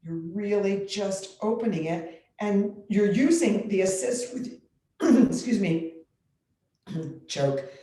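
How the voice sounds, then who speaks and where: A woman yoga instructor guiding a chair yoga class with calm, step-by-step instructions, clearing her throat now and then. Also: medium pitch, takes it slowly, long pauses. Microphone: computer mic. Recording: very echoey room on a computer mic.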